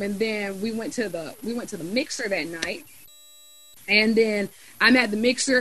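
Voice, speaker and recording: A young adult woman chatting casually on a podcast, telling a lively story with many fillers. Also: on the high side, poor audio. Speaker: student government officer and podcast guest.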